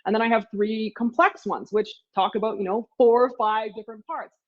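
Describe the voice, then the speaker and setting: A woman's voice: a little high, fairly even intonation, brisk. A middle-aged professor and author giving a casual slide presentation of her course materials, talking chattily with many fillers. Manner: chatty, many fillers like "you know" and "sort of". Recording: slightly dull lo-fi audio.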